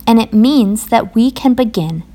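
A woman voicing an eager, cheerful male frog who calls out excitedly in a children's story. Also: on the high side, measured pace. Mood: enthusiastic.

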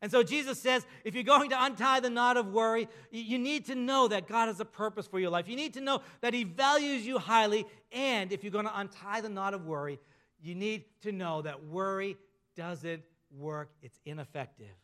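High, bright-voiced preaching man. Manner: emphatic preaching with slow drawn-out endings. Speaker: pastor. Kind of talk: sermon.

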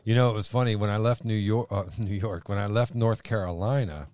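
A man's voice: lowish voice, fairly even intonation, fairly quick, darkish tone, dry recording, studio quality. A man in his forties who co-hosts a podcast and tells personal stories in an easygoing way, laughing often. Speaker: podcast co-host and minister. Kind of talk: casual conversation.

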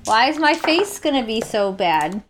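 A woman playing a tabletop game, chatting casually and reacting with excitement. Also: on the high side, moderate pace, noisy background. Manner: excitable, exclaims often. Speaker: player.

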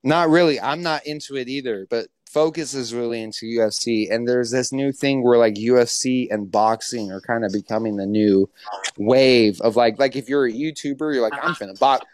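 A man hosting a casual podcast chat, animated and swearing, making boastful joking threats. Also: medium pitch, moderate pace, dry recording.

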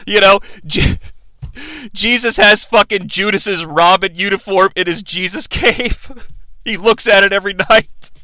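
A man hosting a comedic movie recap, joking and swearing freely in an animated rant. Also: high voice, measured pace, dry recording. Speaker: movie reviewer host.

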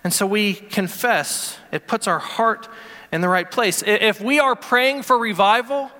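High bright-voiced male pastor in a hall. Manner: storytelling, self-deprecating, with halting restarts. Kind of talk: sermon. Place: church sanctuary.

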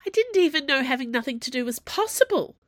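A woman's voice: mid-range voice, sing-song, a little slow, a bit bright, no room sound, clean studio sound. A woman doing a whiny teenage circus girl. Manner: whiny, sulky complaining.

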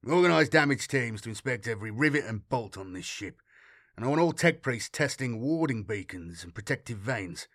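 A man's voice: medium pitch, animated, moderate pace, a bit bright, no room sound, studio quality, pitched below the performer's own voice. A man playing a shaken starship captain. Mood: commanding. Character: shaken male starship captain struggling for control.

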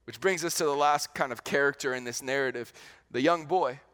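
A man preaching a sermon as a pastor in a conversational, animated way, often restarting and repeating words. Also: mid-range voice, brisk, smooth.

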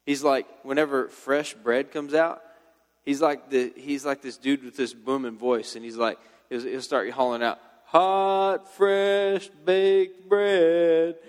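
Speaking at a moderate pace with a medium, level-toned voice, this young youth pastor delivers a relaxed, slang-filled sermon to teens. He tells the story loosely, the way a friend would, and a long reverb from the hall trails his words.

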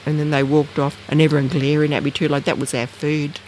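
At a quick pace, with slight background noise, a woman from Bathurst Island in northern Australia recounts personal stories during an interview. The storytelling is casual and rambling, packed with fillers and restarts. She performs the voices of people she quotes, leaping in pitch.

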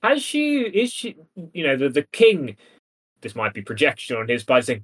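A man's voice: mid-range voice, huge pitch swings, moderate pace, fairly bright tone. A man co-hosting a podcast, casually discussing a Renaissance play with teasing humor and reading passages aloud. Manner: playful, teasing, reads verse aloud dramatically. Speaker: podcast co-host.

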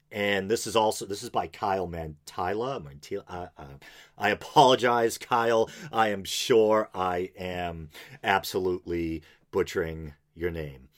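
A man hosting an unscripted podcast, reading news aloud with casual, wry asides. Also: lowish voice. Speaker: podcast host.

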